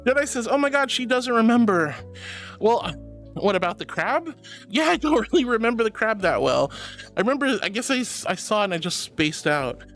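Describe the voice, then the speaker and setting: A VTuber streamer chats casually in the persona of a sweet archangel, her pitch swinging widely as she plays up mock grandeur at a normal speed. She's playful and dramatic, then turns gentle and comforting toward her viewers in chat. Faint music plays underneath.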